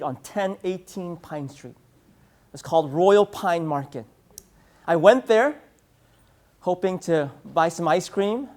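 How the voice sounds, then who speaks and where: A man's voice: a little high, darkish tone. A man in his thirties from San Francisco, giving a humorous conference keynote with storytelling and playful asides to the audience. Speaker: keynote speaker. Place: conference hall.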